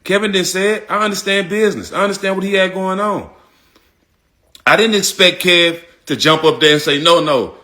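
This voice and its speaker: A man's voice: sits high, brisk, bright, forceful tone. A man talking casually and emphatically to his audience, repeating his points in loose slang. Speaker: public figure speaking out. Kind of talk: casual direct-to-audience talk.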